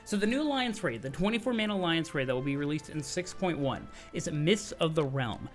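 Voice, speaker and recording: A man giving casual, excitable commentary on game news, chatty and full of slang and quick restarts. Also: fairly high pitch, soft background music. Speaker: gaming video creator.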